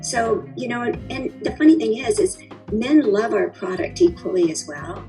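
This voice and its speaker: A woman's voice: on the high side, lively intonation, normal speed, mellow, soft background music, rough recording. Chatty middle-aged woman, rambling. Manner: chatty, rambling, with many fillers and restarts. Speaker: founder of a cocktail company, interview guest. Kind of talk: conversational interview.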